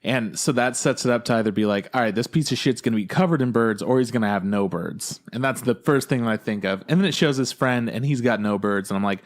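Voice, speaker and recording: A man co-hosting a podcast in casual chat, talking excitedly and profanely and acting out scenes in quick impressions. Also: medium pitch. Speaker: podcast co-host.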